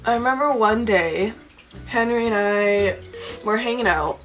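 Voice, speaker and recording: A woman's voice: fairly high pitch, unhurried, fairly bright tone, faint music behind. A young woman telling a personal story in a casual, emotional way, packing her sentences with "like.". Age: young adult. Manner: says "like" constantly, chatty and emotional. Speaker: vlogger.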